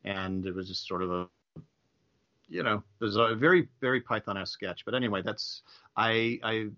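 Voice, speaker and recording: A man with a low, tense and forceful voice guests on a casual podcast. He speaks haltingly and keeps searching for the right word. The sound is dull and lo-fi.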